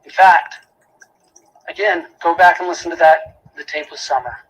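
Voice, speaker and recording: A man with a husky, slightly higher-pitched voice delivers a prosecutor's closing argument to a jury in a courtroom. He speaks emphatically, hammering home repeated phrases and pointed rhetorical questions. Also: moderate pace, fairly bright tone, poor audio.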